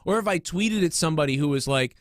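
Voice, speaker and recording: A man's voice: a little high, animated, fast talker, no echo, studio quality. A man hosting a comedy podcast, ranting casually with constant fillers, restarts and swearing. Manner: rambling, profane, many fillers and restarts. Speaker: podcast host.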